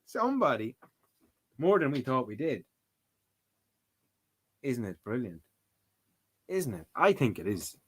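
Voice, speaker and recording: Irish man, young adult, livestream host, teasing, unhurried delivery, very animated pitch, dry close sound. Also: slightly rough, dry recording. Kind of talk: casual livestream chat.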